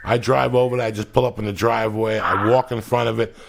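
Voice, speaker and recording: A middle-aged podcast host with a New Jersey accent, chatting boisterously and swearing freely. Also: male voice, fairly low pitch, fairly even intonation, fast, creaky, noisy background. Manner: boisterous, profane, brash. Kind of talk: casual podcast chat.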